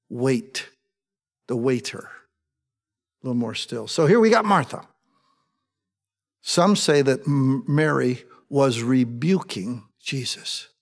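A man's voice: mid-range voice, long reverb tail. A man preaching a conversational sermon, asking his congregation rhetorical questions with a wry sense of humor. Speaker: pastor.

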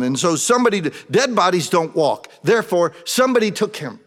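Pastor with booming hall reverb. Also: male voice, big pitch swings, brisk, few pauses. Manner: conversational storytelling, acting out quoted voices. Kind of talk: sermon.

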